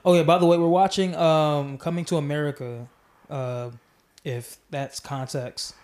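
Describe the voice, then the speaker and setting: Podcast host guy rambling along, lots of ums and restarts, kinda high voice. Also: fairly even intonation, unhurried. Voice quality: mellow. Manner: rambling, many restarts and fillers. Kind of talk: casual podcast chat.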